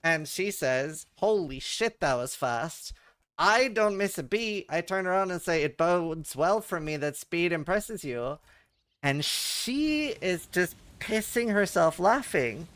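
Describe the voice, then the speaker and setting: Chatty, profane male streamer, higher voice. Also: lively intonation, slow pace, a bit bright, no echo. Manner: rambling, profane, laughs at own stories. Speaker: livestream host. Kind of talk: casual storytelling chat.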